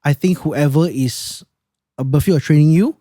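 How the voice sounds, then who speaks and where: A man's voice: a little high, moderate pace, dark tone, no echo, studio quality. A man, explaining audio mixing in a casual technical chat, thoughtful and hesitant with restarts.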